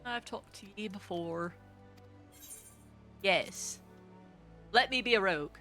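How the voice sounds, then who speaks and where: Chatty bright-voiced woman streamer. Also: medium pitch, takes it slowly, long pauses. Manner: chatty, laughs at herself, greets chat. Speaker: VTuber streamer. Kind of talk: casual gameplay commentary. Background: faint game music.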